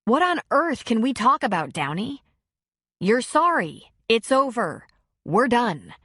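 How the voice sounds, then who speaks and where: Woman doing a sharp-tongued, angry young woman. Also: medium pitch, a little slow, no room sound. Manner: sarcastic, indignant.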